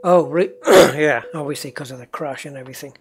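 A northeast English gaming host, whose accent is faint, talks casually through a truck game, answering viewers and chatting to himself and the chat as he drives. He speaks fairly quickly in a fairly high voice, with a little hiss or hum on the recording.

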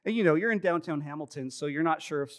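A man's voice: fairly high pitch, fast talker. A man in his thirties preaching a sermon to his congregation, telling stories in a chatty way with self-deprecating humor. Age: 30s. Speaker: pastor. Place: church sanctuary, live service.

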